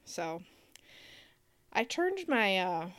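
A woman's voice: mid-range voice, big pitch swings, very slow, a bit bright, dry recording. A woman co-hosting a casual talk show, ranting sarcastically and laughing as she talks. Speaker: podcast co-host. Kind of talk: casual chat.

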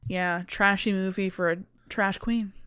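A woman co-hosting a podcast in casual chat, reacting with quick enthusiasm and frequent laughs. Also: medium pitch, steady tone, fairly bright tone, clear, resonant tone. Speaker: podcast co-host.

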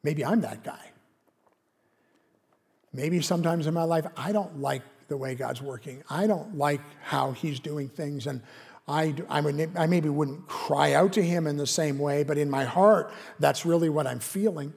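A man's voice: a little high, a little slow, gravelly, darkish tone, long reverb tail. A man preaching a sermon, emphatic, acting out a prophet's bitter complaints with rising intensity. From Canada. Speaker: pastor.

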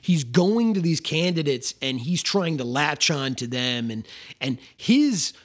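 A man in casual film talk, his pitch leaping around as he gets carried away. His voice has a slightly husky edge and sits a bit higher than most. He stumbles and restarts, repeating words as he goes. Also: measured pace. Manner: animated, lively, repeats words when restarting. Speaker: podcast co-host.

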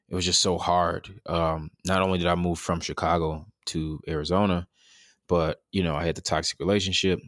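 In an interview, a man in his thirties earnestly reflects through a personal story, his speech dotted with fillers and restarts in a candid, conversational way. The low voice is recorded dry at studio quality.

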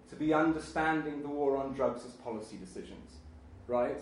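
A man's voice: medium pitch, moderate pace. Middle aged guy lecturing, emphatic, lots of restarts, big echoey room, mic far off. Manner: emphatic, rambling, many restarts and asides. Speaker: history lecturer. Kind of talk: academic lecture.

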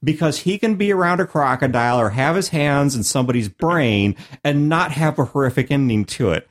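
A man's voice: fairly high pitch, lively intonation, brisk. A man hosting a podcast in casual chat, talking emphatically and laughing often, from Missouri. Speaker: podcast host.

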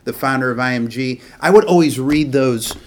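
A man's voice: medium pitch, normal speed, a little hiss or hum. A man hosting a casual faith conversation, talking animatedly and rambling with frequent restarts.

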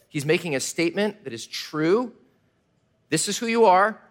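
A man preaches a sermon with a fairly high voice. His pitch swings widely as he builds each point, and at times he drops to a near-whisper to slow down and draw his listeners in. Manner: animated preaching, drops to a hush for quiet moments. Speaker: pastor.

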